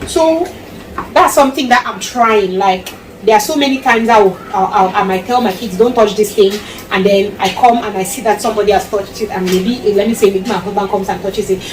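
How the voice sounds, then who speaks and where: A woman's voice: medium pitch, brisk, reverberant, slight background noise. A Cameroonian woman vlogging casual parenting advice to camera, emphatic and repetitive, slipping into Pidgin phrases. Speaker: mom vlogger. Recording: distant mic with loud background ambience.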